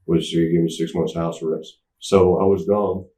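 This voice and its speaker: A man's voice: sits low, little pitch movement, moderate pace, dark tone. A man telling a candid story in an interview, rambling with restarts and acting out what people said. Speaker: interview guest. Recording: roomy, mic at some distance.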